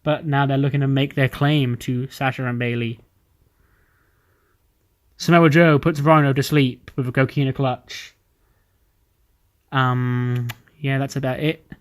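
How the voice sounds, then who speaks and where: A man's voice: medium pitch, fairly even intonation, unhurried, pauses often. Laid-back male game commentator. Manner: laid-back narration of booking a wrestling show. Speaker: let's play commentator.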